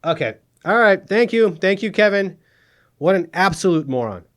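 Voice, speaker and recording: A man's voice: high-pitched, sing-song, moderate pace, a bit bright. A man hosting a satirical news show, sarcastic and exasperated, often laughing at his own jokes. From Middle East. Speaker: comedy news host.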